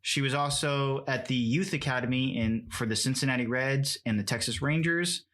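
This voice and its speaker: A man's voice: mid-range voice, normal speed, a bit bright. A man co-hosting a casual podcast, leading the topics and reading out news items. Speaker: podcast co-host. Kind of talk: casual chat.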